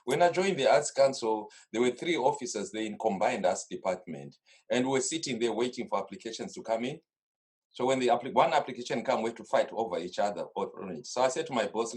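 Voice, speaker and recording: A man from Zimbabwe, a guest in an interview, telling a lively anecdote and re-enacting past conversations. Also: fairly low pitch, fast, slightly rough.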